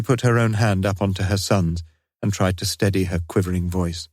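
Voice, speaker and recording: A man narrating an audiobook in a steady, unhurried reading voice. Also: low voice, no echo, clean studio sound. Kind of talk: scripted narration.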